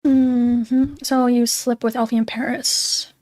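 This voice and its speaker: A woman's voice: on the high side, little pitch movement, takes it slowly, darkish tone, no room sound, studio quality. A young woman on a recorded voice call, pressing with pointed, confrontational questions. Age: young adult. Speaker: caller confronting a streamer. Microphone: voice-call microphone.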